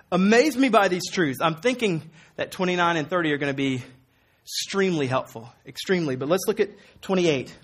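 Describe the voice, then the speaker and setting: A man's voice: high voice, fairly bright tone. A man preaching a sermon as a pastor, earnest and emphatic, conversational with repeated words and fillers. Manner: earnest and emphatic, quoting Jesus with rising force.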